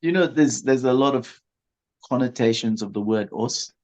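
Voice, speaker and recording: An older man, a martial arts master, answers as an interview guest in a mid-range voice. He talks in a reflective, measured way and sets out firm principles. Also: medium pitch, darkish tone. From Australia. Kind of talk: interview conversation.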